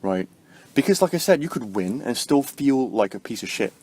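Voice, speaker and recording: A man vlogging about spirituality in a casual, rambling way, tagging "right?" onto his points and jumping up in pitch for emphasis. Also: sing-song, moderate pace, slightly rough. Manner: rambling, heavy use of fillers like "like" and "right?"; swings sharply up in pitch and loudness to stress points. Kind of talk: casual spoken explanation to camera.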